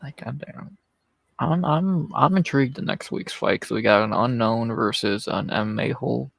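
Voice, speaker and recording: A man's voice: medium pitch, normal speed, vocal fry, fairly bright tone, no room sound. A man co-hosting a casual livestream chat, laid-back and amused, swearing now and then. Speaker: podcast co-host.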